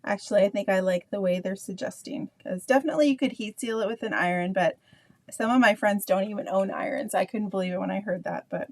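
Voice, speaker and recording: A woman's voice: mid-range voice, gravelly, darkish tone, no echo. A middle-aged woman with a Canadian accent, leading a live painting tutorial in a chatty, rambling way full of asides to her viewers. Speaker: painting instructor.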